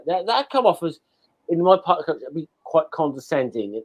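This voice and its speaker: Man, slightly high voice, hesitant, halting, casual chat. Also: lively intonation, lo-fi sound. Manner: halting, hesitant, searches for words. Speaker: podcast co-host.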